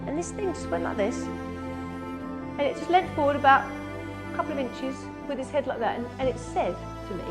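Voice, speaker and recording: A woman from England telling an animated anecdote in a talk, dropping to slow, hushed asides when quoting. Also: on the high side, music in the background. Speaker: animal communicator giving a talk.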